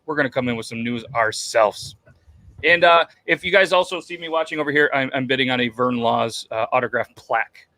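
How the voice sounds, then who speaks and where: A man's voice: mid-range voice, a little fast, bright, forceful tone, no room sound. A man hosting a casual podcast chat, loose and joking, with lots of fillers and restarts. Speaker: podcast host.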